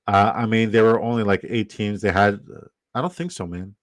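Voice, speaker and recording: A man from Canada talking loosely on a live stream, rambling and cursing and saying things twice. His voice sits low, and the sound is dry and close with no room echo. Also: a little fast. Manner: rambling, profane, repeats himself. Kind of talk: casual live-stream chat.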